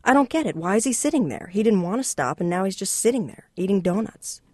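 A reader voicing an anxious, irritable man who complains and talks too loudly. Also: medium pitch, expressive, fast talker, no room sound, clean studio sound, lightly acted. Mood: agitated. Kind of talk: reading a novel aloud.

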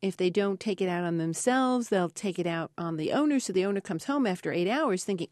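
A woman researcher being interviewed, telling lively anecdotes and acting out the voices in them. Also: lowish voice, fairly quick, no room sound, clean studio sound. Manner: animated storyteller, acts out voices in anecdotes. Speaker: parrot researcher guest. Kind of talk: interview storytelling.

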